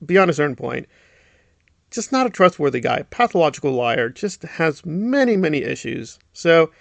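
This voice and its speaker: A man's voice: a little high, very animated, normal speed, gravelly, dry recording. A middle-aged man giving a sarcastic, indignant commentary, often mocking others with put-on voices. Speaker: commentary YouTuber. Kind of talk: ranting commentary.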